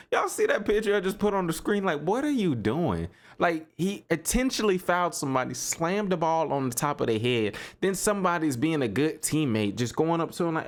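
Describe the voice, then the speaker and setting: A young man hosting a casual solo basketball podcast, talking in a loose, animated way, repeating himself and laughing as he riffs on games. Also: fairly high pitch, normal speed. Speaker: sports podcast host. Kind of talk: casual solo sports commentary.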